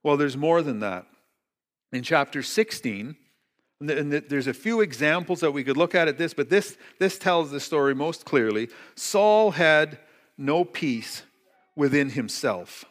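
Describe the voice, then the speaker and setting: A middle-aged male pastor preaching a morning sermon, telling a story with lively asides and occasional jokes. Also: fairly high pitch, measured pace. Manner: storytelling, animated, jokey asides. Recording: reverberant hall.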